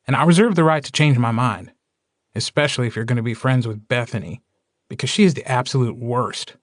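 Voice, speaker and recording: A man voicing a prickly, sarcastic young male witch in an audiobook, quick with exasperated retorts. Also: medium pitch, no room sound, clean studio sound, close to an everyday voice. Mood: defiant. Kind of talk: audiobook character dialogue.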